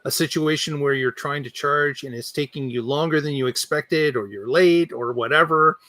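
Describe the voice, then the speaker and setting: A man co-hosting a podcast, explaining his views in a measured, casual way. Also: a little high, bright, forceful tone, no echo. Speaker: podcast co-host. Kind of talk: casual panel chat.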